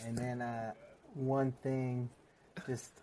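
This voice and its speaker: A man's voice: medium pitch, little pitch movement, slow pace, crowd noise. A man who is a podcast guest, retelling movie scenes with lots of laughter. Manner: laughing storyteller. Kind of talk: casual chat.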